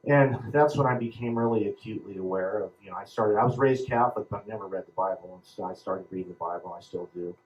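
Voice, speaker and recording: A man in his fifties from Southern California giving a halting personal account as a panel speaker, full of ums and restarts. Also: on the low side, darkish tone, poor audio. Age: 50s.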